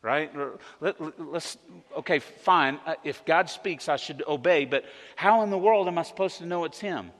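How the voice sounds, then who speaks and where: Brief: male pastor, sermon, chatty storytelling, slightly high pitch, long church-hall reverb. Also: normal speed. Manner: conversational, animated storytelling. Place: church sanctuary.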